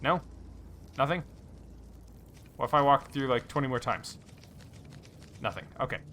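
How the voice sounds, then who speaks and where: A man's voice: mid-range voice, a little slow, a bit bright, a little hiss or hum. A man hosting a let's play, casually reading game dialogue aloud with fillers and small slips.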